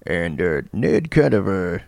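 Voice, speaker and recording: A man's voice: sits low, sing-song, measured pace, gravelly, darkish tone, no echo. A man from Florida hosting his own podcast, telling a story in a loose, rambling way with lots of fillers and restarts. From Florida, USA. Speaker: podcast host. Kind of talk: casual storytelling monologue.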